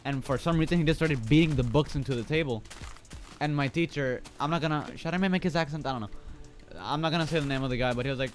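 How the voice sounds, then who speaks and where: A man's voice: a little high, quick pace, soft background music. A man from the Philippines, a streamer, chatting casually and telling a story in a rambling way full of fillers. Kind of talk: casual chat.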